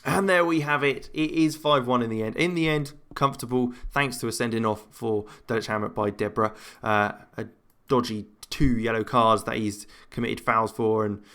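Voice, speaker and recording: A man talking through his own football management game in a loose, chatty way, filling the gaps with "uh" and "I mean" and thinking aloud between plays. His pitch sits in an ordinary middle range for a man, neither deep nor high. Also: pushed and bright. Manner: chatty, rambling match commentary with self-talk and frequent fillers. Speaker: gaming channel host. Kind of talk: let's-play gameplay commentary.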